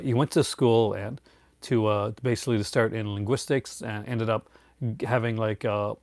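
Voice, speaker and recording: A man's voice: mid-range voice, dry recording. A middle-aged man hosting a casual live chat, rambling with many fillers and restarts and chuckling often. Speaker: host.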